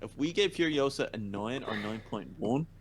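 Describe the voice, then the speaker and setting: A man in casual film-podcast chat, pressing his opinions with emphatic repeats. His voice sits at a middle pitch for a man. A faint hiss of noise sits under the recording. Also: animated, moderate pace. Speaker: podcast co-host. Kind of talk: casual movie review chat.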